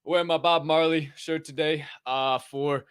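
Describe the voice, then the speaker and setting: A man hosting a casual livestream, excitedly and profanely greeting people in the chat by name. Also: a little high, unhurried, clear, resonant tone, dry recording, clean studio sound. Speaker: livestream show host.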